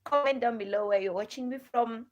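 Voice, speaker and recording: A woman's voice: fairly high pitch, fairly quick, highs cut off. A woman with a Ghanaian English accent hosting a live stream, chatting to viewers in a rambling way, repeating herself and asking them many questions.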